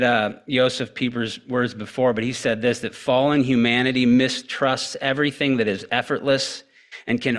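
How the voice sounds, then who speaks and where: A man delivers a sermon in a voice of ordinary middle pitch. He speaks earnestly, with many fillers and restarts, repeating words as he works toward each point. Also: fairly bright tone. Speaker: preacher.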